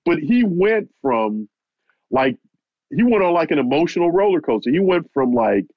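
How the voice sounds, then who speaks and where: Male reporter, animated storyteller, dull dry recording. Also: on the high side, dry recording. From United States. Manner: animated, keeps repeating "he said" while retelling. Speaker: boxing reporter, interview guest. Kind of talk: storytelling anecdote. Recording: muffled lo-fi, dry audio.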